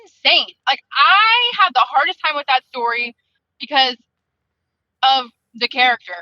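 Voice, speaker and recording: A woman's voice: high-pitched, lively intonation, measured pace, no echo, highs cut off. A woman in a casual book club chat on a video call, venting in a heated, profane, rambling way.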